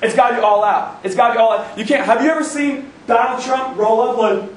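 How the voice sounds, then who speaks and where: Young man, energetic motivational speaker, high voice, echoey hall, distant mic. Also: fast talker, a little hiss or hum. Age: young adult. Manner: energetic, emphatic, repeats phrases. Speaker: guest speaker. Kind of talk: motivational talk. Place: university event hall. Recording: echoey room, recorded from far off.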